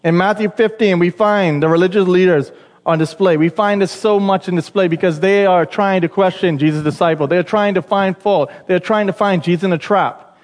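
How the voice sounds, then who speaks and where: A man's voice: sits high, darkish tone, big-room sound. A Bahamian man preaching a sermon, chatty and conversational, with asides to the congregation. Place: church.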